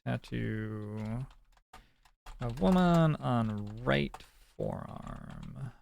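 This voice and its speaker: A man's voice: mid-range voice, expressive, extremely slow, creaky, a little mellow. A man streaming a puzzle game, thinking aloud in casual, musing commentary. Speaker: gaming streamer. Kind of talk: casual let's-play commentary.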